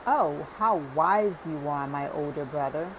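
A woman's voice: deep voice, unhurried, creaky, background noise. A woman voicing an eager, hospitable old man who fusses to please his older brother, in a storybook reading. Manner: fussing, keen to please.

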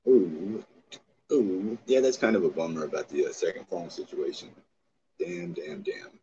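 Brief: man, very low voice, excitable profane streamer bantering with chat, dull lo-fi audio with faint hiss. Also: normal speed. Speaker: livestreamer. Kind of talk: casual livestream chat.

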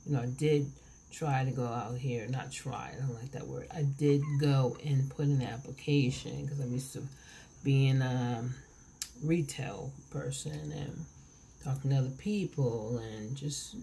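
A woman's voice: rumbling low, steady tone, a little slow, vocal fry, mellow, slight background noise. A woman in her forties vlogging at home while eating, rambling and chatty, recorded on her camera. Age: 40s. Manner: rambling, self-interrupting, chatty. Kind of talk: casual vlog while eating. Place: home, indoors. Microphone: camera mic.

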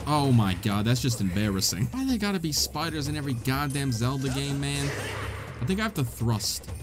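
A man narrates his gameplay in a wisecracking let's-play style, laughing often. His voice swings high and low with lively pitch. Soft game music plays underneath. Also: fairly quick. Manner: jokey, wisecracking, laughs a lot. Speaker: gaming channel host.

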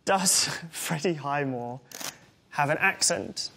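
A man's voice: on the high side, slow pace, vocal fry, bright, forceful tone. A man in his twenties with an English accent reads questions aloud and answers them with wry, self-deprecating humor. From England. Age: 20s. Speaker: interviewee.

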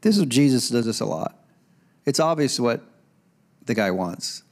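A middle-aged man preaching a sermon in a church, animated, breaking into loud calls when he quotes. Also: medium pitch, measured pace. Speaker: pastor. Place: church sanctuary.

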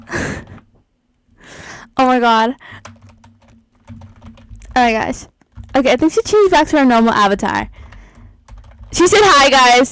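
A woman's voice: high voice, smooth, no room sound, rough recording. A young woman chatting casually as she plays, gushing and giggling often as she comments on her game. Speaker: gaming YouTuber.

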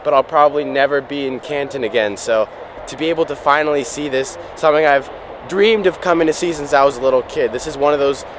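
A man vlogging with a handheld camera as he walks a museum hall, gushing with excitement. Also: mid-range voice, fast. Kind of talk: casual vlog commentary. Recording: noisy background.

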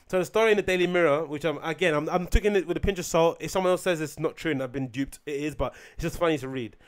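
A man hosting a solo podcast, rambling sarcastically and swearing freely, sometimes mocking others in shrill put-on voices. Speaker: podcast host.

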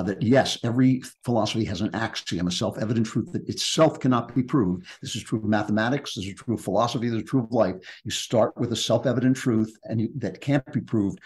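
Guy w a lowish voice, guest writer on a podcast, thoughtful, keeps restarting to stress stuff. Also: darkish tone. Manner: reflective, emphatic, with frequent restarts. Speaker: guest author. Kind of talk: podcast interview conversation.

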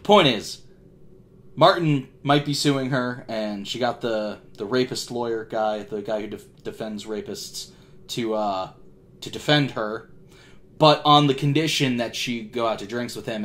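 A man's voice: mid-range voice, moderate pace, a bit bright. A young man hosting a TV reaction video, talking in a casual, rambling, self-deprecating way with frequent restarts. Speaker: reaction channel host.

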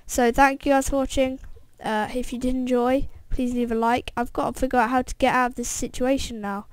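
A woman hosting a let's-play video, excitedly reacting aloud to the game and talking straight to her viewers. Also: sits high, a little fast, clean tone, no echo. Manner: talks straight to viewers as guys. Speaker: gameplay video host. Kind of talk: let's-play gameplay commentary.

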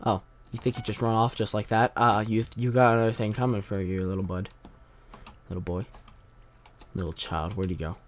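A man hosting a gaming channel, rambling through Minecraft commentary and bursting into loud angry yelling. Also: fairly low pitch, flat delivery, brisk, pauses often, slight background noise.

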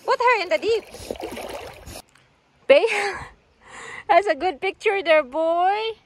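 A high, very lively woman's voice, full of swoops as she coaxes and praises her dogs. She talks slowly and unhurriedly while filming on a phone outdoors by a river, with faint ambient noise behind her. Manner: high sing-song praise and coaxing aimed at dogs. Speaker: dog owner filming her pets. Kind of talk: casual vlog narration, talking to dogs.

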